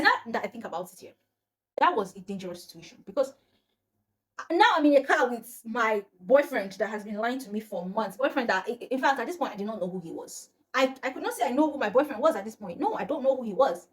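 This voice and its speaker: A young woman with a Nigerian accent telling a personal storytime to her viewers in a chatty, animated way. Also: medium pitch. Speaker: vlogger. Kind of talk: storytime vlog.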